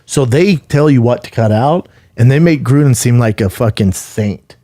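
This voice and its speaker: A man co-hosting a podcast in casual chat, telling animated stories and swearing freely. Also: mid-range voice, moderate pace, dry recording, studio quality. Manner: animated storytelling, acts out quotes, swears freely. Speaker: podcast co-host.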